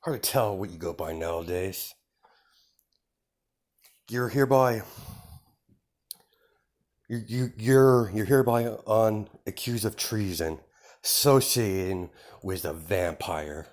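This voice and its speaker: A man's voice: fairly low pitch, slow pace, pauses often, a little mellow. A man voicing an arrogant male werewolf elder who passes judgment with contempt. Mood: scornful. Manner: condemning, contemptuous.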